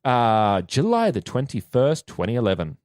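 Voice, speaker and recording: A woman in her thirties hosting a podcast, chatting casually with jokey deadpan asides. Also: rumbling low, normal speed, dry recording, clean studio sound. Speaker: podcast host. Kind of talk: casual chat.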